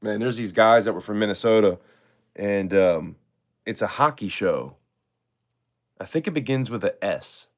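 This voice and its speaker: A man's voice: fairly low pitch, animated, moderate pace, long pauses. A man hosting a live-stream auction, chatting in a laid-back way and thanking his viewers often.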